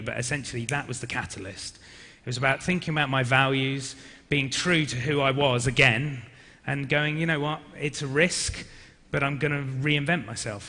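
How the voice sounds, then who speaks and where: A British man with a bright, forward voice fields questions at a business forum. He talks openly and often restarts his sentences. The sound carries a long hall reverb. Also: medium pitch. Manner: warm, candid, with frequent self-restarts. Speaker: former actor, now speaker and coach. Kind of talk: answering audience questions on stage.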